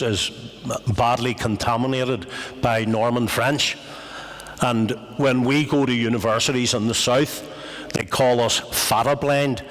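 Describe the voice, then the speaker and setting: A man's voice: medium pitch, a bit bright. A man with a Northern Irish accent giving a public talk at a community event, telling stories with wry humour and frequent asides. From West Belfast, Northern Ireland. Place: meeting house. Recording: long hall reverb.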